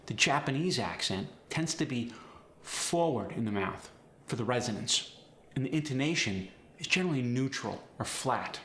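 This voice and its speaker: A man coaching accents, explaining step by step in a clear, instructional way. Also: mid-range voice, fairly bright tone, roomy sound. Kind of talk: instructional lesson.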